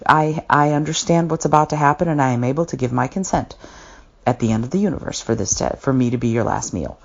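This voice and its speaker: Brief: polite, matter-of-fact talking cow, put on by a woman, very low voice, dull lo-fi audio. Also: fast, creaky, slight background noise. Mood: cheerfully agreeable. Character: calm, polite talking cow who agrees to be eaten.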